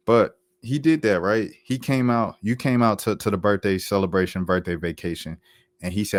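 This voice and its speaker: Young male commentator, deep voice, dry close sound, repeats himself for emphasis. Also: normal speed, no echo. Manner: slangy, repetitive, emphatic. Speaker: YouTube commentator. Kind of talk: casual commentary vlog.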